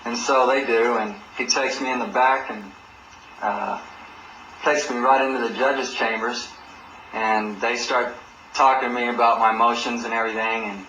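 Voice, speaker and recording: A man spins a personal story in a casual, animated way. His voice is bright and forceful. The room is echoey, with faint noise behind him. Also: mid-range voice, moderate pace. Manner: animated, acts out other people's words in a raised voice. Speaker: channel host telling a personal story. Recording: roomy echo with faint background noise.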